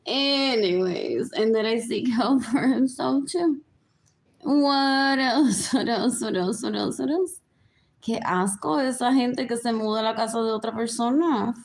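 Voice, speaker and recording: A woman's voice: on the high side, gravelly. A woman talking to viewers in a rambling livestream monologue, repeating herself as she goes.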